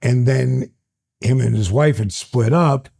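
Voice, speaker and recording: A man in his sixties, a retired wrestler, telling stories as a guest in an interview in an animated, excitable way. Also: mid-range voice, slow, vocal fry. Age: 60s. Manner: animated, builds stories up excitedly, laughs between phrases. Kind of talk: storytelling in an interview.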